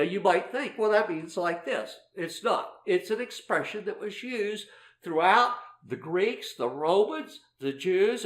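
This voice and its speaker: Middle-aged guy teaching a bible lesson, kinda high voice, lots of uh's, roomy echo. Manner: explanatory, many fillers and restarts, reads quotes aloud.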